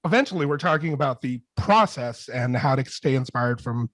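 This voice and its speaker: A man on a video call, rambling through animated stories as a music producer on a panel. His voice sits at an everyday middle pitch. The sound is close and dry, with no room around it. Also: normal speed, no room sound. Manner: rambling, animated storytelling with many restarts. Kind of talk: online panel interview. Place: home studio with colorful backdrop.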